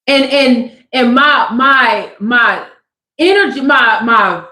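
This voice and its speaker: High-voiced woman talking tarot, echoey room. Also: expressive, sharp tone. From Southern California. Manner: emphatic, repeats "tap in" and "y'all"; slows way down for emphasis. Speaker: tarot reader and spiritual speaker. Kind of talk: casual livestream talk with tarot.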